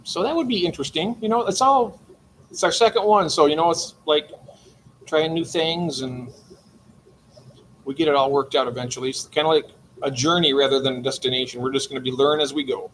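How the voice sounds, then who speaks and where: A man's voice: fairly high pitch, brisk, a little hiss or hum. An older man hosting a late-night livestream from his aquarium room, chatting and greeting viewers by name. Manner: chatty, greets chat members warmly by name. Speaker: livestream host.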